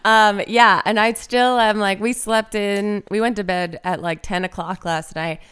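A woman's voice: mid-range voice, fairly even intonation, measured pace, fairly bright tone, smooth. A woman in her thirties chatting casually as a podcast guest, laughing often and poking fun at herself. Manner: laughs often, self-deprecating.

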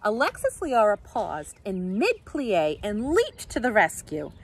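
A woman, a teacher, reading a children's picture book aloud with expressive, animated storytelling. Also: mid-range voice, unhurried, slight background noise.

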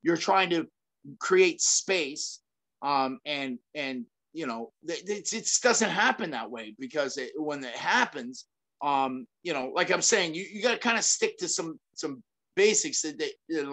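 A middle-aged man, a former fighter, talking as an interview guest in an energetic, rambling way, with many restarts, fillers and casual swearing. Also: a little high, unhurried. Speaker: guest, former fighter and self-defense trainer.

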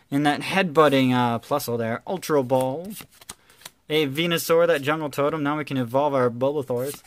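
A man doing casual, playful commentary while opening trading card packs, excitedly calling out cards and teasing his viewers. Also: mid-range voice. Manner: excitable, calls out card names with bursts of energy.

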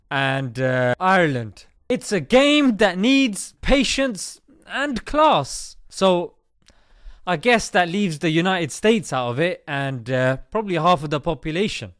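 A man hosts a comedy commentary in a bright, high voice that leaps up and down. He is cheeky and jokey, slipping in "mate" as he goes. The sound is close and dry. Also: no room sound. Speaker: comedy host.

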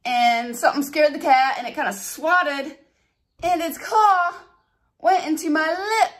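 A woman beauty vlogger telling stories and walking through a hair tutorial in a chatty, animated way. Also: high-pitched, a little slow. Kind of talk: casual storytelling and hair tutorial.

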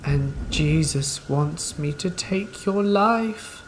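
A man voicing a creepy male stranger who speaks slowly in a half-sung, mocking way. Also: fairly high pitch, slight background noise, pitched above the performer's own voice. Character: creepy sing-song male stranger on dark street.

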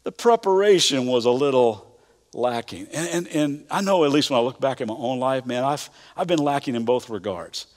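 A man's voice: mid-range voice, expressive, moderate pace, a little mellow. A middle-aged man with a Kentucky accent, preaching a sermon in a folksy, conversational way with frequent stammered restarts. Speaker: pastor. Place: church auditorium. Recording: church hall reverb.

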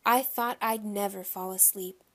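Woman narrator for a children's audiobook, lively and expressive. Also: mid-range voice, a little slow.

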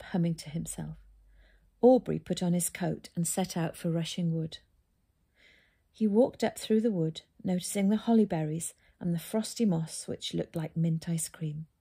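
Low, mellow woman reading a story. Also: husky. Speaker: narrator. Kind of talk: children's book reading.

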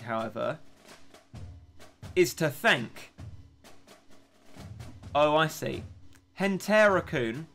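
Young guy on a game stream, chatty and ranty, pokes fun at himself, quiet music behind. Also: medium pitch, gravelly. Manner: chatty, ranting, self-mocking. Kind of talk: casual live-stream chat while gaming.

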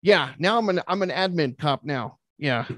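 A man's voice: a little high, animated, moderate pace, a bit bright, no echo, clean studio sound. A middle-aged man, a police officer, chatting casually on a video call, joking and laughing often. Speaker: guest co-host, police officer. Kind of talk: casual chat. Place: home.

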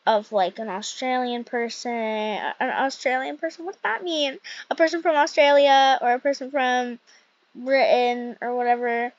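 Young woman gamer, high voice, chatty and rambling, dry slightly muffled mic. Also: normal speed, dry recording. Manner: chatty, rambling, excitable with frequent fillers. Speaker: gaming youtuber. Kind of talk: casual gameplay commentary.

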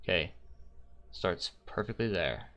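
A man's voice: low-pitched, lively intonation, unhurried, a bit bright, muffled recording. Frustrated young man swearing at a puzzle game. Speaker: gaming YouTuber. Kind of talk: blind let's play commentary.

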